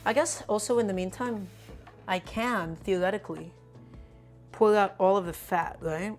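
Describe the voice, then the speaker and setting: A woman streamer chats while she cooks, playing up small mishaps with theatrical, mock-dramatic grumbling. Her voice sits at an ordinary middle pitch. Soft music plays faintly underneath. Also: normal speed. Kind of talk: live-stream cooking chat.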